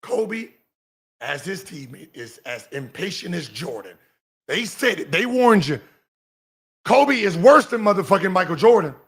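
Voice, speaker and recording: A man in his forties hosting a podcast, giving heated commentary and mocking someone in an animated, sing-song teasing way. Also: high voice, unhurried. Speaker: podcast host.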